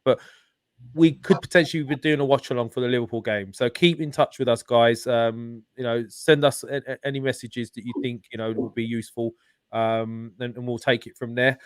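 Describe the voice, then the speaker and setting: A man's voice: mid-range voice, steady tone, fairly quick, no echo, clean studio sound. A man hosting a casual live-stream chat, upbeat and talkative with plenty of fillers. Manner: upbeat, chatty, many fillers. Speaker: channel host.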